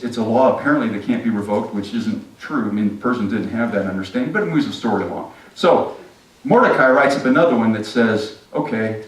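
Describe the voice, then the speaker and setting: A male pastor giving a sermon, retelling a story casually and with humor. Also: on the low side. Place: church sanctuary. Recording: echoey sanctuary, distant mic.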